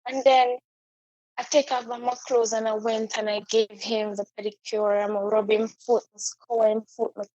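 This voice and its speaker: Woman guest, fairly high voice, halting and heartfelt, dull dry lo-fi recording. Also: level tone, dark tone, no room sound. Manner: halting, heartfelt, repeats herself. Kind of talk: personal storytelling.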